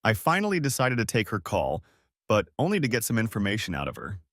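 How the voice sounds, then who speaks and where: A man's voice: lowish voice, huge pitch swings, fast talker, fairly bright tone, dry recording, studio quality. Man narrating a bitter revenge story. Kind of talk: first-person scripted story narration.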